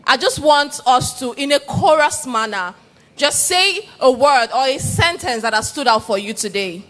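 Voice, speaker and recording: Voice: high-pitched, moderate pace. An event host playfully working the audience and prompting them to respond. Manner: playful, energetic, prompts the crowd. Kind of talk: audience engagement.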